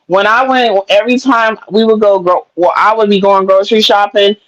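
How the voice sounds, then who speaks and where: A woman's voice: mid-range voice, fairly even intonation, moderate pace, no room sound, highs cut off. A woman guest on a livestream, telling stories bluntly and cursing freely. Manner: blunt and profane storytelling. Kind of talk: casual gossip chat.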